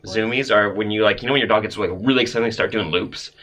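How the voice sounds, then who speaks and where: A low-voiced man chatting casually on a podcast. He is playful, laughs a lot and fires off quick comebacks. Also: a crowd in the background. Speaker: podcast co-host. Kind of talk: casual chat.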